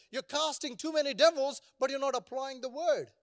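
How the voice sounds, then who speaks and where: A man's voice: very high voice, fast, hardly any pauses. A male pastor preaching a sermon, asking the congregation rhetorical questions and calling for responses.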